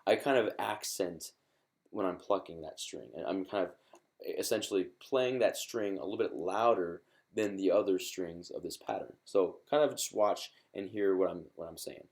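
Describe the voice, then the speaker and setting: A man's voice: deep voice, normal speed, darkish tone. A man teaching ukulele in a live-streamed lesson. He is encouraging and chatty, with many fillers and restarts.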